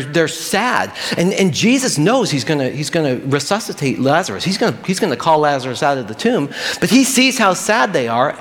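Male pastor, sermon, animated, repeats phrases, slightly high voice, long hall reverb. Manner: animated, repeats key phrases, engages the audience directly.

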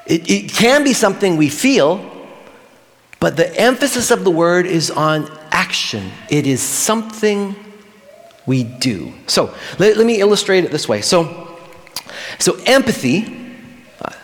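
Man, pastor mid-sermon, lively and repetitive, talks straight to the room; slightly higher voice, echoing church hall. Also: measured pace, long pauses. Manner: animated, repeats key phrases, engages the audience directly.

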